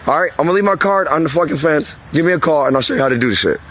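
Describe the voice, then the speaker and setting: A man's voice: fairly high pitch, lively intonation, very fast, a bit bright, poor audio. A man talking outdoors on a roof as a roofing contractor, blunt and heated, cursing freely in a casual vlog. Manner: blunt, heated, swears a lot. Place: outdoors on and near a house roof.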